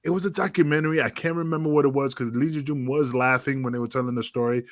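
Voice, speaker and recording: Podcast co-host, man in his fifties, rambling casual talk, mid pitch, dry sound. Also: steady tone, very fast, dry recording. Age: 50s. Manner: rambling, many fillers and restarts. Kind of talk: casual chat.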